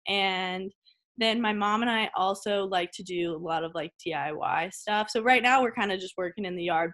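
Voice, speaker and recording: A woman's voice: medium pitch, fairly bright tone. A young woman, a college tennis player, chatting casually as an interview guest from home over a video call, filling her talk with "like" and laughing easily. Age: young adult.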